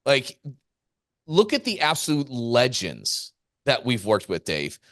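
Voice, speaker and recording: A man's voice: mid-range voice, huge pitch swings, takes it slowly, fairly bright tone, dry recording, clean studio sound. A man co-hosting a podcast as a business coach, talking in a fired-up, emphatic way and repeating his points for weight. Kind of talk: casual podcast chat.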